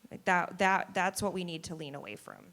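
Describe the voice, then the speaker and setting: A woman on a panel speaking emphatically, with restarts and quick asides. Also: lowish voice, fairly bright tone. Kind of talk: panel discussion.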